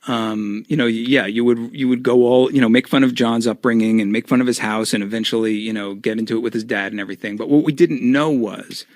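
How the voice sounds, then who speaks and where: Animated man telling stories as a guest. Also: medium pitch, brisk, few pauses, no echo. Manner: animated storyteller, laughs often. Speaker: podcast guest, former TV writer. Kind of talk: casual chat.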